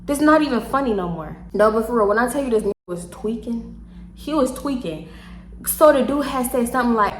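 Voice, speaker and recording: Young tipsy Houston woman, animated storyteller, a little high-pitched, echoey room. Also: brisk. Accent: Southern US, Houston. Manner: animated, laughs often, swears freely, acts out quotes. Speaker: storytime vlogger. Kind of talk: casual storytelling.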